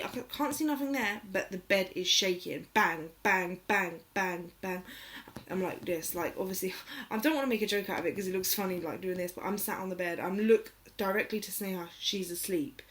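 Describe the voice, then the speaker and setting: A woman's voice: medium pitch, slight background noise. A young woman casually telling a personal story, rambling with lots of fillers and getting emotional. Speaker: vlogger.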